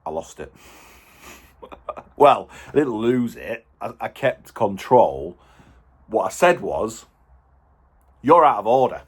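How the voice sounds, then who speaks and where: A man's voice: lowish voice, slow, pauses often, husky. A man, a home car dealer telling an exasperated story to camera and acting out what was said. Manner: exasperated, animated, acts out quotes.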